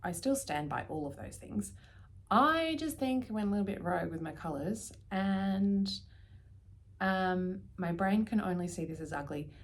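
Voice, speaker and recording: An Australian woman vlogging casually about her knitting, chatty and prone to dropping into soft, near-whispered asides. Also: mid-range voice, expressive, normal speed. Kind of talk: casual chat.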